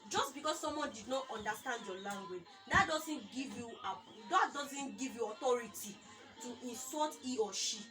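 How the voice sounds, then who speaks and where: A young Nigerian woman speaks in a high voice with a Nigerian accent, telling a story in a casual chat and acting out the people in it. She sits away from the mic, and music plays clearly behind her. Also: lively intonation, moderate pace, far from the mic. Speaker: co-host.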